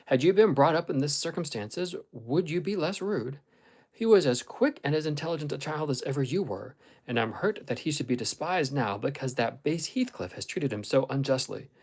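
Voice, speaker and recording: A man's voice: on the high side, expressive, moderate pace, a little mellow. Earnest older housekeeper, reproving and firm, as a male reader puts her on.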